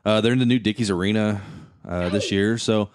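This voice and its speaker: A man chatting casually on a podcast, telling relaxed stories with lots of fillers. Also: on the low side, fairly quick, no room sound, studio quality. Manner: relaxed storytelling with many fillers.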